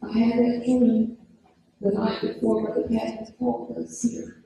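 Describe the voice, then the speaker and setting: A woman's voice: on the high side, little pitch movement, a little slow, mellow. A woman giving an earnest personal testimony at a women's church meeting, telling her story with frequent repeats and restarts. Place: church sanctuary. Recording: very echoey church hall.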